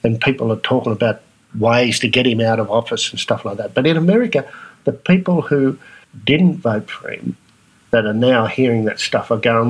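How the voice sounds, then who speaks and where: Australian male podcast host, husky timbre, casual and animated, acts out voices. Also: moderate pace, rough recording. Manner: animated, acts out other people's reactions in a higher voice. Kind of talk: casual monologue.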